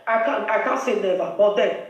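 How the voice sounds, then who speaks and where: A woman's voice: medium pitch, a little fast. A woman with a Nigerian accent, hosting a live video and scolding in a preachy, emphatic way. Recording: very echoey room, voice far from mic.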